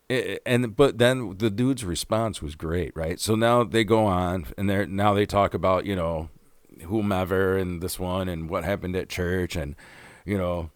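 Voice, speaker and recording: Casting note: low-voiced male podcast host, rambling, swears freely, dry close sound. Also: dry recording. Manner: rambling, profane storytelling. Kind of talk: casual monologue.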